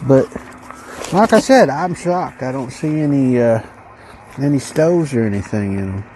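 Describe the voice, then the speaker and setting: Slow, lively-pitched man unboxing rations. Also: noisy background. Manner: slow, rambling, musing aloud. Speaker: channel host reviewing ration packs. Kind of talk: casual unboxing commentary.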